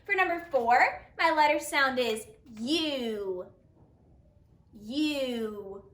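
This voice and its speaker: A high, animated woman leads a phonics lesson, sounding out letters slowly and cheering her students on. Her voice is bright and crisp. She is heard from a little way off in an echoey room. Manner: slow, clearly sounded-out letter sounds with lively praise. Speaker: phonics teacher. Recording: echoey room, mic at a distance.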